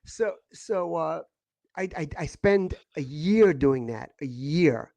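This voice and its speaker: A middle-aged man with a slightly high-pitched voice recounts a painful memory in casual conversation. He stumbles, restarts and repeats himself as emotion surfaces. The sound is dry and close to the mic. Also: lively intonation, vocal fry, dark tone, dry recording. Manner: emotional, halting, repeats words. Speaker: guest. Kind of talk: casual podcast storytelling.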